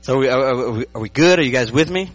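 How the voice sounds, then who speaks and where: A man's voice: medium pitch, fast, no echo, low-quality recording. A man preaching a sermon as pastor, joking and often checking that his listeners are following him. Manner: lively, joking, checks in with the audience.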